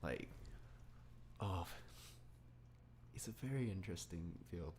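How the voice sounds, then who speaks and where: A man's voice: sits low, animated, slow pace, a little mellow, a little hiss or hum. A young man hosting a casual podcast chat, rambling with lots of likes and frequent laughter. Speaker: podcast host.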